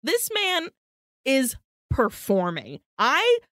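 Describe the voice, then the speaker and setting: A woman co-hosting a podcast, retelling a horror film plot in an animated, profane way. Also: high voice, extremely slow, dry recording. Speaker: podcast co-host.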